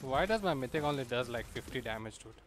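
A man's voice: mid-range voice, expressive, a little hiss or hum. Laid-back man streaming a game. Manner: laid-back, joking, quick to protest. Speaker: streamer playing with friends. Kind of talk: casual gaming voice chat.

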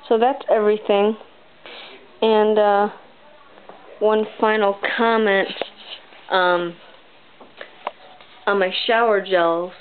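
A woman's voice: medium pitch, clear, resonant tone. Young woman, chatty home vlog, bubbly, many fillers, tinny camera audio. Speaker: beauty vlogger. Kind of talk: casual product review. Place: her bedroom, indoors.

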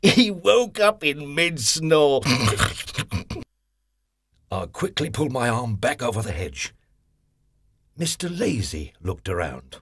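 Mr. Tickle, gleeful and husky. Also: male voice, sing-song, slow pace, pauses often, a bit bright, dry recording, studio quality, heavily acted. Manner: gleeful, chatty, squeals up high on each tickle. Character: cheeky, playful male tickling character. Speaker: storyteller narrating in first person. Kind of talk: children's audio story.

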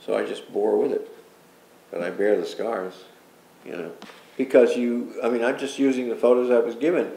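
Gravelly older man, earnest and rambling. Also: medium pitch, steady tone, moderate pace, dark tone. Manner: earnest, rambling recollection with repeated pleas and asides. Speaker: interview guest. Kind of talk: personal storytelling in an interview. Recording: roomy echo with faint background noise.

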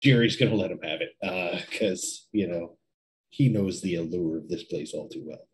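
A man playing a tabletop game, talking calmly about his character. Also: low-pitched, normal speed, low-quality recording. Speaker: player. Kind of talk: casual tabletop play.

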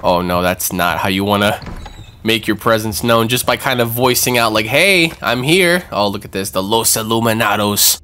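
A man hosting a gaming channel, giving excitable let's-play commentary with swearing and jumpy reactions. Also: fairly low pitch, moderate pace.

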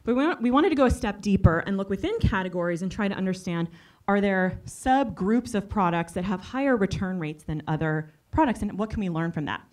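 A woman's voice: medium pitch, a little fast. A woman giving a conference talk in a chatty way, telling a story and acting out the voices of the people in it. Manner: chatty and animated, acts out quoted voices. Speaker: conference speaker.

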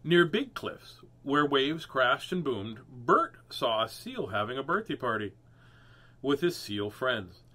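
A man's voice: mid-range voice, sing-song, slow, bright, forceful tone. A man hosting a read-aloud of children's books, playful with jokey asides between pages. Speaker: host reading children's books.

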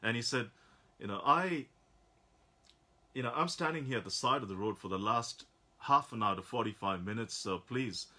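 A man's voice: mid-range voice, normal speed, long pauses, sharp tone. A man voicing a polite twelve-year-old boy who pleads and apologizes. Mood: pleading.

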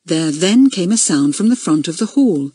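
Audiobook narrator, woman: lively, slightly breathy, close and dry. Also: lowish voice, normal speed, no room sound. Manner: expressive storytelling. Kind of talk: scripted narration.

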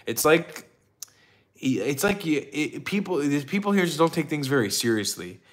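A man chatting on a casual livestream. His voice sits a little high, and he talks in an excitable, profane rush, breaking into laughter often. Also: normal speed. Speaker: livestream host.

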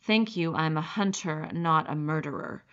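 A woman's voice: sits low, normal speed, fairly bright tone, dull audio. Woman reading as an indignant young American hunter. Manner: earnest, shocked, protesting. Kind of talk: audiobook character reading.

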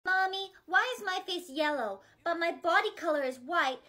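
Little kid voice, super high, innocent and whiny, woman putting it on. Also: animated, moderate pace, a crowd in the background. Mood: curious. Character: small child asking her mother questions.

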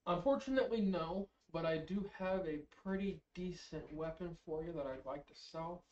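Quiet hesitant man far from the mic. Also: fairly high pitch, moderate pace, a little hiss or hum. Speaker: player. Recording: distant, echoey lo-fi recording with faint ambience.

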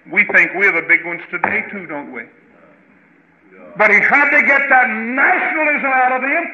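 A man with a Southern American accent, preaching a sermon in a folksy way that swings between loud passages and quiet asides. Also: very high-pitched. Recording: lo-fi roomy archival church recording.

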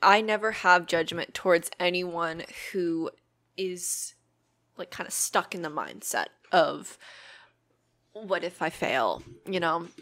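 A woman's voice: fairly low pitch, lively intonation, slow, a bit bright. A young adult woman hosting her own podcast, talking earnestly and reflectively in a casual, rambling way with many filler words. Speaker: podcast host. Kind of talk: casual solo podcast talk.

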